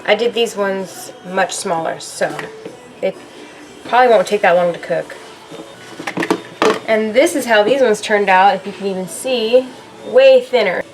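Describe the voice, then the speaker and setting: A woman's voice: medium pitch, a little slow, pauses often, over music. A young woman vlogging her day, chatting casually to her viewers. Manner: chatty, addresses viewers as you guys. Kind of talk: casual chat.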